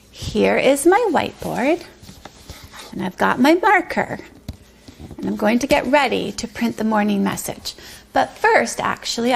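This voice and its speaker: A woman leads a preschool circle time and stretches her words out in an unhurried, sing-song delivery. Her voice sits high and carries a gravelly, fry-touched edge. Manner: slow, sing-song, drawn-out words for small children. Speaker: preschool teacher. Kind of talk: pre-K circle time lesson.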